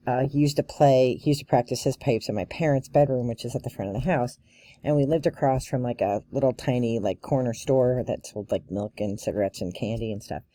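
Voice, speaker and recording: Brief: woman vlogger, relaxed storyteller, warm low-key tone, dry close sound. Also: no room sound. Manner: chatty storyteller, laughs often, many fillers. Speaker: bagpiper and vlogger. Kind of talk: casual chat.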